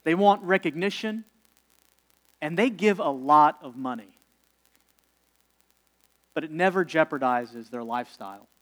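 A man with a fairly high voice preaching a sermon. He talks to the congregation in a relaxed, conversational way, with ums and slow, deliberate pauses on key words. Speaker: pastor.

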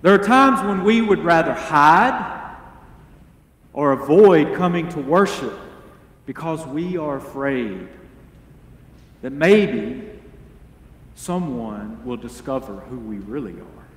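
A man preaching a sermon as pastor, earnest and deliberate, asking the congregation rhetorical questions. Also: fairly high pitch, lively intonation, fairly bright tone, echoey room, in a large hall. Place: church sanctuary.

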